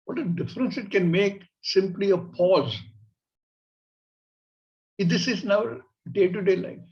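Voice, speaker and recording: A man with an Indian English accent, teaching a scripture class in a measured way and acting out everyday examples. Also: high voice, gravelly, dull audio. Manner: measured, illustrative, acts out examples. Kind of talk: spiritual class lecture.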